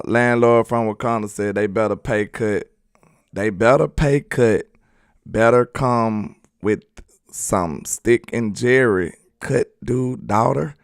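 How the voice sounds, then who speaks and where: A man's voice: on the low side, fairly bright tone, smooth, dry recording, clean studio sound. A man from Alabama with a Southern accent hosting a casual, joking sports talk show and chatting loosely with his viewers. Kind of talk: casual live sports commentary.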